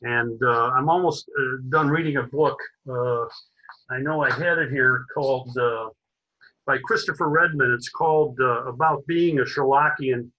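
A man hosting an online society meeting, speaking haltingly with many fillers and restarts. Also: mid-range voice, pushed and bright, muffled recording. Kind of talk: hesitant introductory remarks.

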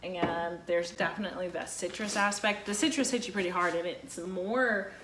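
A woman's voice: on the low side, moderate pace, fairly bright tone. A woman from Texas with a Southern accent, hosting a casual chat in a chatty, playful way. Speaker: host. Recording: echoey room with faint noise.

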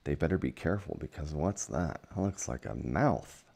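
A man reading a children's picture book aloud at home, gentle and unhurried, pausing to point out the pictures. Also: rumbling low, expressive, gravelly, slightly rough. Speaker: storytime reader. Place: at home with a dog.

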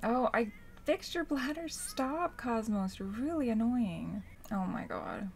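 Young woman gaming, high voice all over the place, gushy and excitable, little bit of hiss behind. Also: takes it slowly, creaky. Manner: excitable, squeals and gushes. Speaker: gaming channel host. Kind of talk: casual gameplay commentary.

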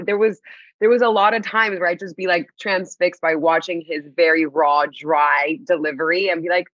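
A woman guest in a casual interview, talking in an animated way, laughing often and restarting her sentences. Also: fairly low pitch, fairly quick, no echo, lo-fi sound. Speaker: actress guest.

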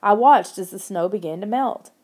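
Mellow woman narrating an audiobook. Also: medium pitch, moderate pace. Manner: steady, expressive storytelling. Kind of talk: scripted first-person narration of a children's horror book.

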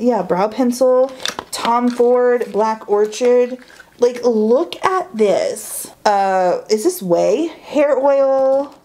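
A woman chatting excitedly through a beauty haul, gushing and saying "like" and "y'all" a lot. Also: a little high, slight background noise. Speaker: beauty vlogger. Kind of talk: casual haul chat.

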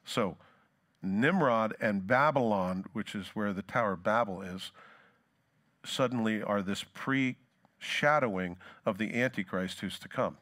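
A male pastor preaching a sermon, reading scripture dramatically and talking to the congregation in casual asides. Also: a little slow. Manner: dramatic scripture reading, rising loud then dropping low.

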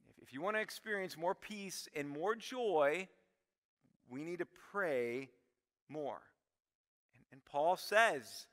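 A male pastor delivers a sermon in a high, bright voice that rings through a church hall with a long reverb. He is animated, acting out hurried prayers in quick asides, then sinking to soft, hushed tones.

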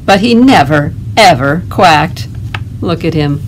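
A woman librarian leading a toddler storytime, reading a picture book aloud in a gentle, animated way. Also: low voice, measured pace, a little hiss or hum. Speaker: children's librarian.

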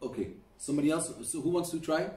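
A man's voice: on the high side, quick pace, darkish tone. A middle-aged man teaching Quran recitation in a classroom, patiently demonstrating sounds over and over and coaching his students. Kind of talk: classroom lesson on pronunciation. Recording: echoey room, mic at a distance.

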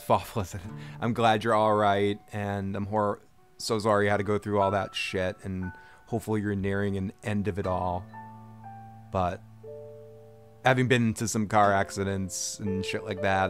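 Laid-back swearing young gamer guy. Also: fairly low pitch. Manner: laid-back, profane, rambling. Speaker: gaming channel host. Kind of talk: casual let's play commentary.

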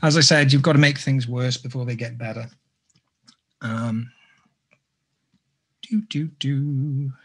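A man's voice: mid-range voice, fairly even intonation, takes it slowly, pauses often, breathy edge. A man giving a live sculpting tutorial, chatty and self-deprecating, drifting into jokey asides. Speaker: sculpting instructor.

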